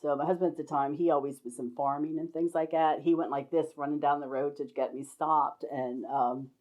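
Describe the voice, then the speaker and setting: A woman's voice: low voice, steady tone, brisk. An older woman telling rambling stories from her life, often breaking into laughter. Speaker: storyteller sharing life stories. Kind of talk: casual spoken memoir. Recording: dull lo-fi recording.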